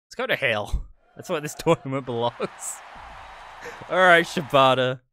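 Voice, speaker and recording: A man giving live stream commentary on a wrestling video game, excitable, swearing and laughing often, swinging between yelling and muttering. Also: medium pitch, unhurried, slight background noise.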